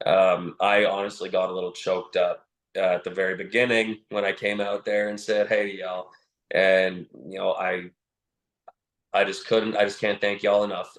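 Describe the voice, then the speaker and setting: A man's voice: lowish voice, echoey room, rough recording. A man from Canada, a professional wrestler as a podcast guest, speaking in an earnest, heartfelt way and saying "y'all". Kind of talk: casual interview chat.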